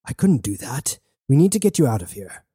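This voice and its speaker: A man's voice: medium pitch, big pitch swings, fairly quick, warm tone, slightly rough, no room sound, studio quality. A man voicing an earnest soldier who speaks firmly and protectively about his comrades. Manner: firm, protective.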